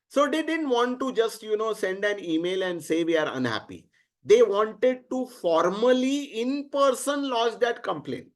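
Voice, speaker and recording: A man with an Indian accent teaching through an animated story, mixing English with Hindi and putting rhetorical questions to his listeners. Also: high voice. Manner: switches freely between English and Hindi. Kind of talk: storytelling lecture.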